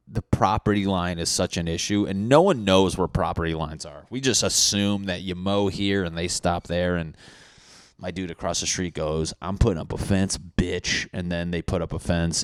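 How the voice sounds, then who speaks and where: Low-voiced man ranting on a podcast. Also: clean tone, dry recording, clean studio sound. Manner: profane, riffing, acts out neighbors in loud mock voices. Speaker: podcast host. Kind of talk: solo comedic podcast rant.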